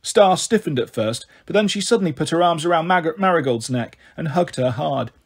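Male audiobook reader, slightly high, husky timbre. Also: animated, brisk. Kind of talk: reading a novel aloud.

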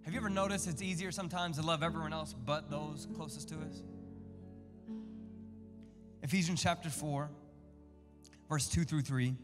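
A man preaching a sermon as pastor, with animated, humorous storytelling and prayer. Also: a little high, normal speed, long pauses. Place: church sanctuary. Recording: music and a long hall echo.

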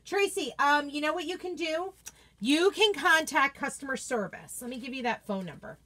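A woman's voice: high voice, lively intonation, moderate pace, pushed and bright. A woman hosting a casual live unboxing, chatty and gushing as she reads out viewer comments. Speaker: craft product consultant and host.

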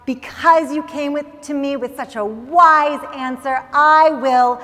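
A woman's voice: high voice, takes it slowly, pushed and bright, exaggerated voice. A woman playing a stately storybook king. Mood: pleased. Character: satisfied, wise old-tale king. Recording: long reverb in large hall.

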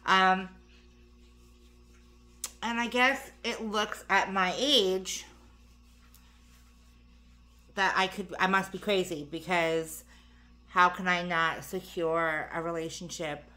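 A woman's voice: fairly low pitch, steady tone, takes it slowly, sharp tone. A tired, slightly breathless woman chatting casually through a makeup tutorial, rambling with lots of fillers and asides. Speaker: beauty vlogger.

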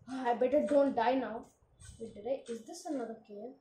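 A woman hosting her own gaming channel, talking through her play in a casual, excitable commentary full of exclamations. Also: high-pitched, moderate pace, roomy sound, rough recording.

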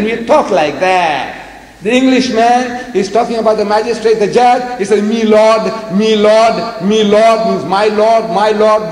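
Animated man lecturing in an echoey hall. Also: sits high. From South Africa. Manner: animated, rhetorical questions, acts out dialogue. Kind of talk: public lecture to a live audience. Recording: echoey hall with long reverb, faint noise.

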